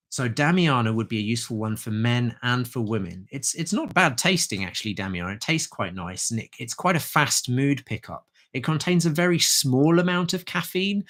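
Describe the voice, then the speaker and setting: A man's voice: medium pitch, a bit bright. A man, an herbalist, explaining herbal remedies in a chatty, informal livestream talk.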